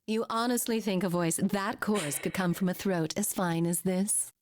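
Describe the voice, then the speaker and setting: A woman's voice: mid-range voice, normal speed, natural voice. A woman voicing a proud, disdainful adult woman in a video game. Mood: scornful. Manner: disdainful, scornful.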